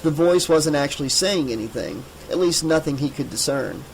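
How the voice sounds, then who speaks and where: A man reading an audiobook in a measured, steady voice. His voice sits somewhat high for a man, with a faint room tone behind him. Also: creaky, a little hiss or hum, rough recording. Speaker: audiobook narrator. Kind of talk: scripted narration.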